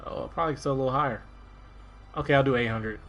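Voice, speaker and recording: Male streamer from Maryland, relaxed rambling play-by-play. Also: medium pitch, fast, soft background music. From Maryland, USA. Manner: rambling, relaxed, talks to himself while playing. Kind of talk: casual gameplay commentary.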